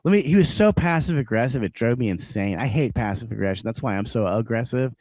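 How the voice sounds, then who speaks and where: A man's voice: mid-range voice, animated, fast talker, darkish tone, no room sound. A man co-hosting a casual podcast, ranting with heavy swearing and frequent laughter. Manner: profane ranting, laughs often. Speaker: podcast co-host.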